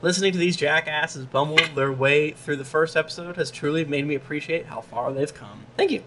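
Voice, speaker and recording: A man's voice: fairly high pitch, fairly quick, over a noisy crowd. A man hosting a podcast who reads listener reviews in a joking way, laughing as he goes. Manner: jokey, laughs while reading. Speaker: podcast host.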